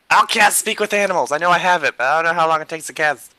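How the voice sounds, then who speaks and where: A man playing a druid in a tabletop game, excitable and eager. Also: on the high side, fast, no room sound. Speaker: player. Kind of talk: casual tabletop play.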